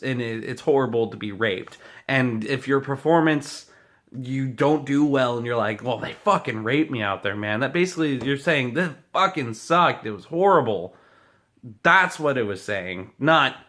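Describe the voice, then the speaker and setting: Heated, foul-mouthed man ranting with a bright voice. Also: mid-range voice. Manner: profane, heated, combative. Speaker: vlogger. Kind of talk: angry political rant to camera.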